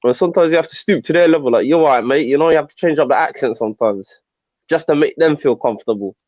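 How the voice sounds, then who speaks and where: Young guy, slightly high voice, chatty, dull lo-fi line. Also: quick pace, darkish tone, no echo. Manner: keeps checking the listener follows. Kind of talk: casual chat.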